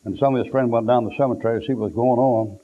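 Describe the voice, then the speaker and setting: Folksy preacher on a tinny tape. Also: male voice, mid-range voice, fairly even intonation, very fast, a little hiss or hum. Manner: rambling, restarts, down-home turns of phrase. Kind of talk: folksy storytelling sermon. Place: church.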